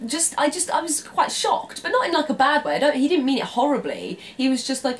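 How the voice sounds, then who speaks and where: A woman's voice: sits high, lively intonation, a little fast, a little hiss or hum. A young English woman vlogging, telling stories casually to camera, laughing often and acting out her own reactions. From England. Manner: chatty, laughs often, acts out quoted reactions.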